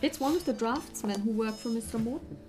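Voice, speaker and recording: A woman's voice: fairly high pitch, a little fast, darkish tone, faint music behind. A woman narrating a tabletop horror game as game master, friendly and hesitant, with many fillers.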